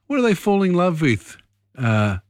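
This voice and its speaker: A man hosting a late-night radio quiz, chatty and quick to laugh. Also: sits high, big pitch swings, no echo, clean studio sound. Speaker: radio host. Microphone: studio microphone.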